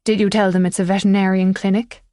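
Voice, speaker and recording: A woman's voice: mid-range voice, fairly even intonation, moderate pace, a little mellow, no echo, lightly acted. A woman voicing a confused older male country vet, distracted and whimsical, in a dry close recording.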